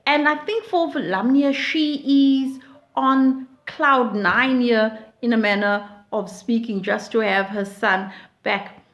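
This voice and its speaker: A woman with a somewhat high voice talks through a play at a slow, deliberate pace. She reads quoted lines aloud with feeling, then explains them in plain, reflective terms. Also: a bit bright, lo-fi sound. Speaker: literature teacher.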